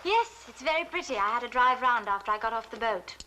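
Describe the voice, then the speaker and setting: An actress playing a brisk, well-spoken young secretary in a period film. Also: female voice, on the high side, lively intonation, background noise, close to an everyday voice.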